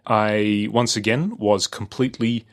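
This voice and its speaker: Low-voiced Australian man, rambling chat. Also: steady tone, unhurried. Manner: rambling, many fillers and restarts, chuckles often. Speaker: podcast co-host. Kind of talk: casual chat.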